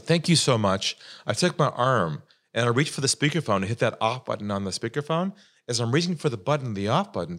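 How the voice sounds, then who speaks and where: Guy telling a sales war story, super expressive, voice going up and down a lot. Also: medium pitch. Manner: lively, dramatic retelling with voiced quotes. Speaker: sales speaker, podcast guest. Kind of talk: animated storytelling.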